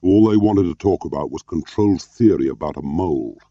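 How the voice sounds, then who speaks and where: A man voicing a gruff, bitter ex-spy. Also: deep voice, expressive, normal speed, no room sound, highs cut off. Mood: curt. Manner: gruff, barking, rising to shouts. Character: embittered middle-aged male ex-spy, curt, angry.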